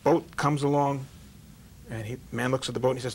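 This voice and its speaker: Speaking slightly quickly in a husky, medium-pitched voice with fairly even intonation, this man is a rabbi hosting an interview show. He spins jokes and parables in a homespun, preacher-like monologue.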